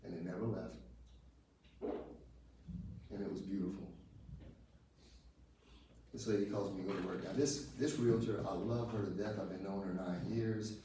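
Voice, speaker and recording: A man's voice: deep voice, steady tone, moderate pace, long pauses, dark tone. A man giving an emotional personal testimony to a group, telling it in a conversational way with many restarts. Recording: echoey room from far off with ambient noise.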